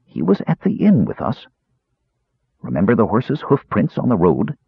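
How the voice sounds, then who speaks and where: A man's voice: fairly low pitch, wildly swooping pitch, normal speed, vocal fry, slightly rough, no room sound, exaggerated voice. A man voicing a frail, sickly young male mage who snaps and struggles for breath. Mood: snappish. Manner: snapping, short of breath. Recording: tinny lo-fi narrow band.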